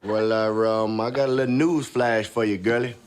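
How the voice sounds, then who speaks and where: A man's voice: fairly low pitch, normal speed, clean tone, close to an everyday voice. An actor playing a cocky, affectionate handyman who teases playfully in a sitcom. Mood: teasing. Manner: teasing, playful, expressive. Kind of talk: 1990s sitcom acting.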